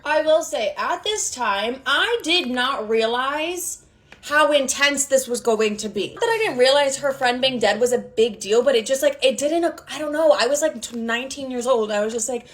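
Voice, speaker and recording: A woman with a fairly high voice tells a story on a podcast, loose and chatty. She swears freely and drops "like" into nearly every sentence. It sounds like casual storytelling, not a script. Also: fast, a bit bright. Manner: swears freely, constant "like" fillers.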